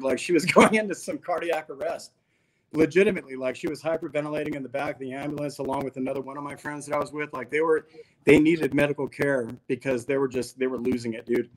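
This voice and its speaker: A man's voice: fairly high pitch, steady tone, fast, poor audio. Laid-back man telling a story. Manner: laid-back, slangy, peppers talk with "dude". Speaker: podcast guest. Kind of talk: casual storytelling interview.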